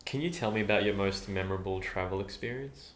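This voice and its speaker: Deep-voiced male interviewer. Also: fast. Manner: brief, plain questions. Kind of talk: interview questions.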